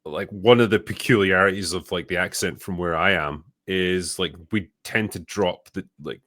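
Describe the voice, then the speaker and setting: Scottish guy, low voice, blunt casual podcast chat, dry close mic. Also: moderate pace, bright, forceful tone, dry recording. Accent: mild Scottish. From Scotland. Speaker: show host reading superchats.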